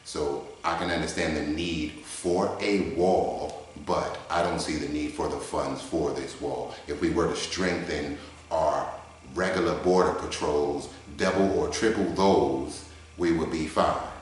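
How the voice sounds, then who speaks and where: A man voicing a mild-mannered, soft-spoken male debater who talks in a measured, hesitant way, recorded in a garage. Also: extremely low pitch, steady tone. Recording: echoey garage.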